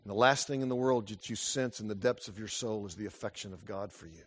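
A middle-aged man preaching a sermon in a church, earnest and storytelling, moving between hushed and emphatic passages. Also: lowish voice, fast, husky. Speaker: pastor.

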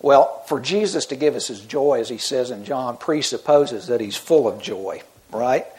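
A man's voice: medium pitch, animated, normal speed, a little mellow. A middle-aged man preaching a sermon in an earnest, conversational way, often restarting his sentences. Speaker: pastor.

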